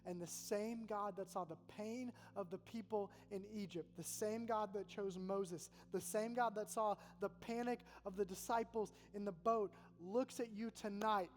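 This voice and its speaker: A man's voice: high voice, fairly even intonation, measured pace, few pauses. A man delivers a sermon as a college pastor, earnest and chatty, repeating key phrases for weight. His voice carries a long echo in a large hall with a faint hum underneath. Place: large hall with an audience in Oxford.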